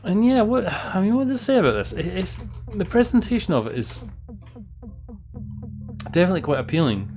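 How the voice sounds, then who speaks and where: A man's voice: sits high, big pitch swings, normal speed, long pauses, a little mellow. A man giving casual gameplay commentary, rambling and sardonic, swearing often as he plays. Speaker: let's play host. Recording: game music clear behind voice.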